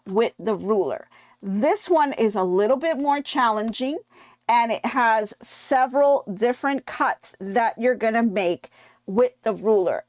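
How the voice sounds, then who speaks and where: A woman's voice: mid-range voice, dry recording. A woman hosting a live quilting tutorial, chatting casually and answering viewer comments as she goes. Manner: relaxed with frequent fillers. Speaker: quilting show host. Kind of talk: live-stream sewing tutorial.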